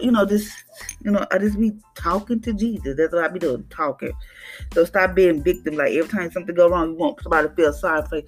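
A woman's voice: lowish voice, fast talker, faint music behind. A woman hosting a podcast devotional, teaching in a casual, conversational way and acting out little voices. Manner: conversational, preachy, acts out voices with laughs.

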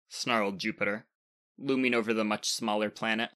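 A man narrating a scripted space fairy tale as the podcast's storyteller, in a steady, expressive read. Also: lowish voice, normal speed.

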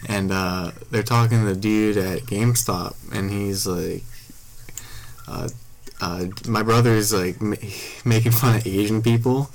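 A man's voice: lowish voice, fairly even intonation, a little slow. A man co-hosting a podcast, telling crude stories in a rambling way with lots of fillers. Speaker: podcast co-host. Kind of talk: casual chat.

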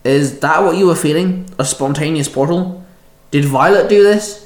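A man's voice: a little high, normal speed, roomy sound, close to an everyday voice. A man doing a moody growling young half-vampire. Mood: irritable. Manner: growling, barking delivery.

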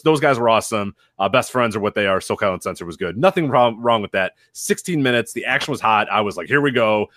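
A man co-hosting a casual wrestling podcast, animated, laughing often and swearing freely as he acts out quoted people. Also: fairly low pitch, no echo, studio quality. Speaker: podcast co-host.

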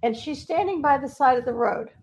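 A woman's voice: sits high, fairly quick. Confident woman telling spirit stories. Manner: confident, animated storyteller. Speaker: guest, ghost helper. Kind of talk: earnest spiritual storytelling. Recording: dull lo-fi sound.

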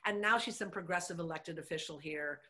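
Bright-voiced, emphatic woman guest. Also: on the low side, a little fast. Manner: emphatic, animated storytelling. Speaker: guest, former mayor. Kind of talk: conversational interview.

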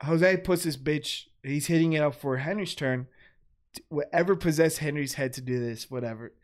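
A young man in a casual chat, telling a story in an animated, profane way. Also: on the high side, normal speed. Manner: animated, profane, laughs often.

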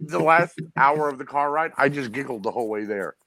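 A man on a podcast panel, chatting casually and telling animated stories, often giggling and imitating other people's voices. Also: medium pitch, fairly quick, no echo. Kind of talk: casual chat.

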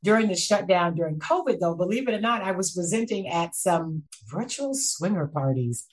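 A woman guest and sex educator from Canada, telling animated stories in casual chat and laughing often. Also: lowish voice, normal speed.

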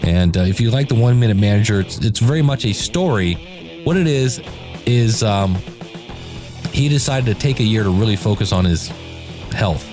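A man's voice: lowish voice, lively intonation, moderate pace, music in the background. A man in his forties hosting a casual solo podcast, talking in a self-deprecating, joking way. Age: 40s. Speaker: podcast host.

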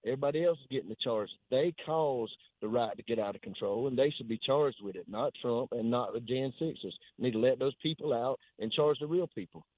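A man calls in over a thin, phone-like line. He talks bluntly and indignantly. His pitch sits in the middle and the sound is dry. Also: a little fast, few pauses, no echo. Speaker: caller. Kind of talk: call-in radio talk. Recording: phone-line caller audio.

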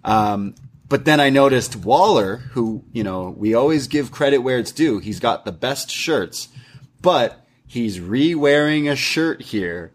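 A man's voice: mid-range voice, animated, a little slow, a little hiss or hum. A man co-hosting a casual podcast, laid-back and joking, laughing often between remarks. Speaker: podcast co-host. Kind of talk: casual chat about wrestling.

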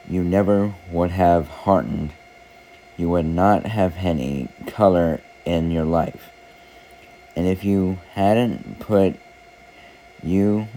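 A man playing a patient, slow-spoken old potter. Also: deep voice, slight background noise, poor audio. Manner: slow, gentle explaining. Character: patient calm male potter, master craftsman.

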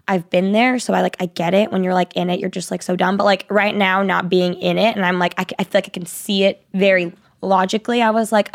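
A woman's voice: mid-range voice, steady tone, a little fast. A young woman co-host telling a story in casual chat, full of fillers. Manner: chatty, lots of "like" fillers.

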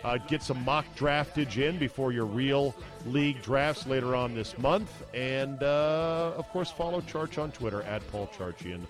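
A man's voice: medium pitch, a little slow, over music. A male podcast host, chatting casually and easily amused, with frequent fillers. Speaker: sports radio podcast host.

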